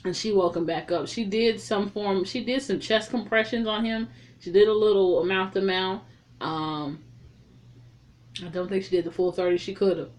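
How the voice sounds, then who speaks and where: A woman talks through the plot of a film in a loose, conversational recap, at a mid pitch for a woman. She tells the story with animated energy, swears freely, and wanders into her own asides. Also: moderate pace. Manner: chatty, profane, animated retelling. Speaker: film reviewer. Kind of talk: casual spoken movie recap.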